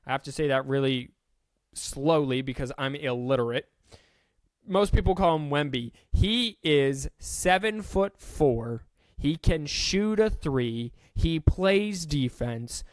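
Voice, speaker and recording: A man's voice: fairly high pitch, slow pace, dry recording. A man hosting a casual solo sports podcast, chatty and self-deprecating, stumbling now and then over names.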